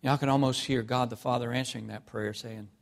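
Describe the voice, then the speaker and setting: A man preaching a sermon, telling personal stories with emotion, swinging from hushed tones to loud outbursts. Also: mid-range voice, steady tone, quick pace, creaky. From North Carolina. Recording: long hall reverb.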